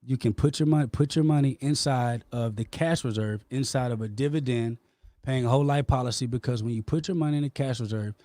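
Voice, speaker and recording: A man's voice: mid-range voice, darkish tone, no echo. A man hosting a podcast, talking with passion and emotion as he argues his point with a caller. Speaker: podcast host. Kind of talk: heated debate with a caller.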